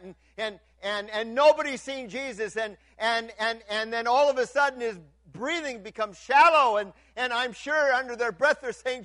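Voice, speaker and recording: A man with a notably high voice preaches a sermon to his congregation. He stumbles over repeated words as he restarts, then swings from loud, lifted passages down to near-hushed lines. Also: moderate pace, few pauses, no room sound. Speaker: pastor.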